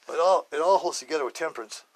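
A man's voice: on the high side, fast. A man hosting his own podcast, rambling through a casual, joking monologue, laughing often and drifting between stories and life advice. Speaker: podcast host.

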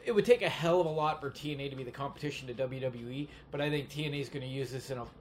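A man co-hosting a wrestling podcast, talking casually and telling stories with quick asides and laughter. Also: mid-range voice, darkish tone. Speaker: podcast co-host. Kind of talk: casual chat. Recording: faint background noise.

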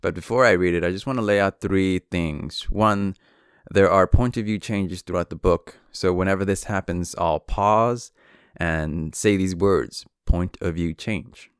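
A man's voice: deep voice, measured pace, clean tone, no echo, studio quality. A man hosting his own podcast, chatting casually and joking about himself before he reads a novel aloud. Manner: relaxed, self-deprecating, lightly swearing. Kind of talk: casual intro, then dramatic book reading.

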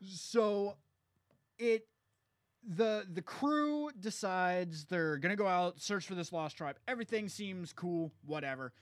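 A man's voice: sits high, expressive, no echo, studio quality. A man co-hosting a casual movie review chat, swearing and telling the plot in a laid-back way. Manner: swearing, laid-back storytelling, quick asides. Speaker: podcast co-host.

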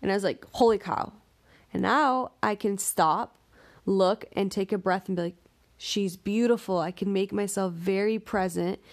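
Woman doing a spiritual talk, kinda gravelly voice, earnest, repeats herself a lot. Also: medium pitch, fairly even intonation, normal speed. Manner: earnest, repetitive, speaks to the listener directly. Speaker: spiritual speaker.

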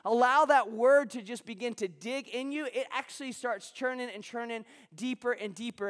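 A man's voice: high-pitched, fairly quick, hardly any pauses, a bit bright, in a large hall. A male pastor preaching a sermon to a congregation at a church service, talking loosely and conversationally with restarts and asides to the room.

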